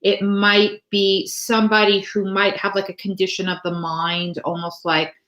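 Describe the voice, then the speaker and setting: A woman's voice: mid-range voice, little pitch movement, normal speed, fairly bright tone, echoey room, dull audio. A woman giving a live tarot reading to viewers, chatty and rambling, full of fillers and restarts. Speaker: tarot reader.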